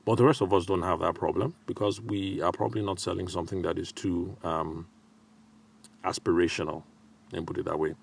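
Low-voiced man giving advice. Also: steady tone, creaky, breathy edge. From Nigeria. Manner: measured and advisory, with frequent filler pauses. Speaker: podcast host. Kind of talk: solo advice podcast.

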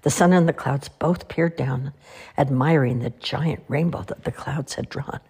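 A woman reading children's stories aloud in an expressive, sing-song way. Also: a bass voice, measured pace, breathy edge. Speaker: storyteller. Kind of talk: children's story read-aloud.

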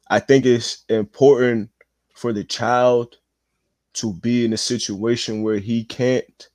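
A man's voice: lowish voice, a little mellow, dry recording. A man, a father, chatting as a podcast guest, earnestly telling stories about his son. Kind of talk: casual chat.

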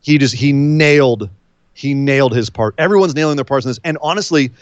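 A man co-hosting a casual wrestling podcast, telling match stories with energy and quick asides. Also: mid-range voice, no room sound, dull audio. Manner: animated storyteller, mimics wrestlers' voices. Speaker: podcast co-host. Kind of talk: casual wrestling recap chat.

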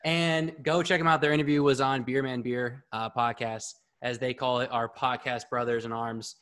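A man hosting a live podcast, talking in a casual, excitable, rambling way and swearing freely. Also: medium pitch, moderate pace, clear, resonant tone. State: a bit out of breath. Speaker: podcast host.

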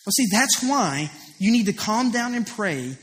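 High-voiced pastor preaching in a hall. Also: male voice, sing-song, a little slow, fairly bright tone. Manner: earnest, confessional, storytelling with rising emphasis. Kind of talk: sermon. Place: church auditorium. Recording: preached in a large reverberant hall.

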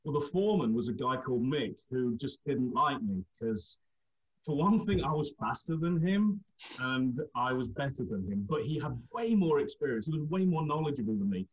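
A man spins long, meandering stories in a relaxed chat and keeps breaking into laughter along the way. His voice sits at a middle pitch. The recording is somewhat dull and lo-fi. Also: normal speed. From England. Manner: rambling, laughs through anecdotes. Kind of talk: casual storytelling chat.

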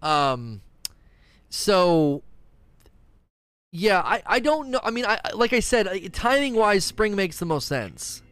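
A man's voice: sits high, takes it slowly, long pauses, clear, resonant tone, no room sound. A man streaming live, reading viewer questions and rambling through his answers in a casual chat. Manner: animated, rambling, reads chat questions aloud.

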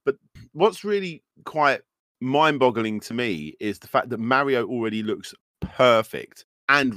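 A man's voice: lowish voice, a bit bright, no echo, studio quality. A man in his thirties, a podcast host ranting animatedly in casual chat, with many fillers.

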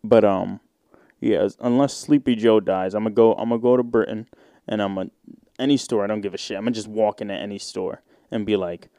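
A man's voice: on the low side, fairly even intonation, brisk, mellow, dry recording, studio quality. A man hosting a solo podcast, ranting in a casual, indignant way with lots of swearing and filler words. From United States. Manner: profane, indignant, rambling with many fillers. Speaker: podcast host.

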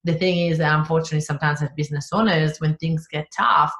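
Animated Italian woman in a roomy space. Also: deep voice, fast talker. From Italy. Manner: animated storyteller, laughs often. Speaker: guest, business coach. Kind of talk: podcast interview.

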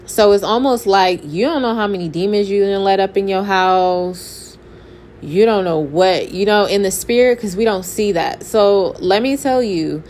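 A young adult woman gives a candid, preachy faith testimony, speaking straight to her viewers in a casual way. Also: medium pitch. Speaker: faith vlogger. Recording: faint background noise.

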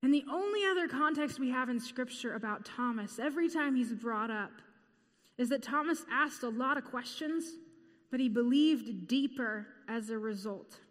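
A woman preaching a sermon in an earnest, measured way, repeating key phrases. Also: fairly high pitch, expressive, long reverb tail.

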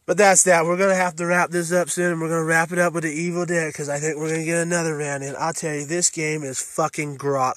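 A man's voice: fairly high pitch, a bit bright, dry recording. A man hosting a solo podcast, ranting heatedly with constant swearing. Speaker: podcast host.

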